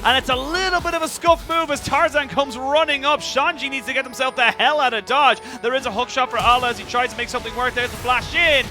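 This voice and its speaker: A man casting an esports match in fast play-by-play commentary, getting excitable and shouting at the big plays. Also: extremely high pitch. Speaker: esports caster. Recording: commentary over loud game music.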